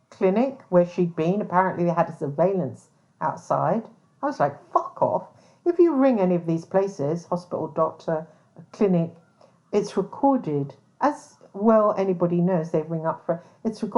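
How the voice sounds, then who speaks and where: The speaker is a podcast-hosting private investigator with a lowish, darkish voice. Her talk is a blunt, casual monologue thick with swearing, "um"s and restarts, recorded with dull lo-fi quality.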